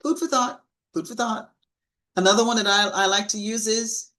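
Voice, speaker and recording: A woman giving a live-streamed sales training talk, coaching with lively emphasis and acting out sample lines to clients. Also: medium pitch, moderate pace, low-quality recording.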